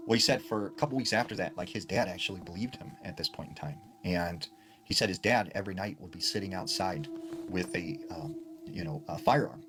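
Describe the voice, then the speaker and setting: A man's voice: deep voice, fairly quick, background noise. A man casually retelling a ghost story secondhand, with frequent fillers like "like" and "you know". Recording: clear background music under the voice. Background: background music.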